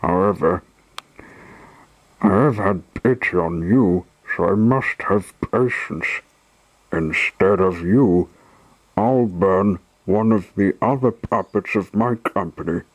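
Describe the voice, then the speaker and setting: A man reading the part of a gruff, harsh puppet showman in a slow, low voice. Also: no room sound, poor audio. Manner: harsh, commanding.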